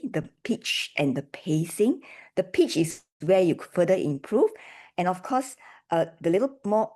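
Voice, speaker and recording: Coaching woman on a video call, mellow. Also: on the low side. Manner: encouraging, coaching tone with frequent "right?" and "okay?" checks. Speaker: delivery evaluator at a speaking club meeting. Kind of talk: spoken speech evaluation.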